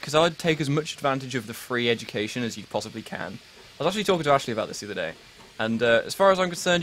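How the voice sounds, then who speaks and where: A man's voice: medium pitch, a bit bright, poor audio. A young man in his late teens with an English accent hosts a casual live stream. He rambles and pokes fun at himself, stumbling over restarts in a mid-range voice. A faint hiss of noise sits under the recording. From England. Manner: rambling and self-mocking, full of fillers and restarts. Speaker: livestream host. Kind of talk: casual live-stream chat, answering viewers.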